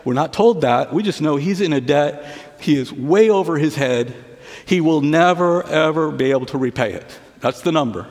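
A man preaching a sermon to a church service, retelling a parable with asides and often dropping his voice low and quiet. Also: animated, normal speed, long reverb tail. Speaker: pastor.

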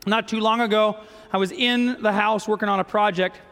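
A middle-aged man, preaching a folksy storytelling sermon that swings between lively telling and soft, hushed moments. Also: high-pitched, fairly quick. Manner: folksy, animated storytelling with sudden soft drops. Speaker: pastor. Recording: long hall reverb.

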